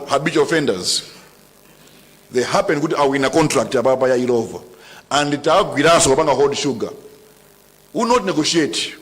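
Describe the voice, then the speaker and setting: Brief: middle-aged Malawian man, defiant government minister at a briefing, mid-pitched voice, long hall reverb. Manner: emphatic, defiant, mixes local language into English. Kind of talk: press briefing statement.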